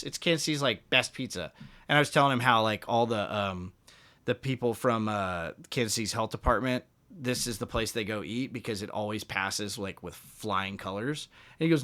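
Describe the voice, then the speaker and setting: Speaking at normal speed in a fairly low voice, a man who is a musician shares casual stories as a podcast guest. He brings the people in them to life, animatedly acting out their quoted lines.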